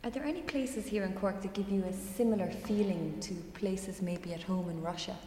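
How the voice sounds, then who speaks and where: A woman's voice: medium pitch, normal speed, dark tone. A woman interviewing a guest, asking short, plain questions. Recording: echoey hall, faint background noise.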